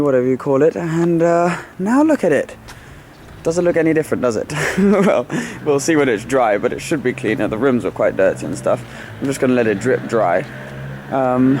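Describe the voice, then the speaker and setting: A young man with an English accent chatting casually to camera at home as a vlogger, excitable and self-mocking. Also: on the high side, a little hiss or hum. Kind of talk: casual vlog chat to camera. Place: home, kitchen indoors. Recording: roomy echo.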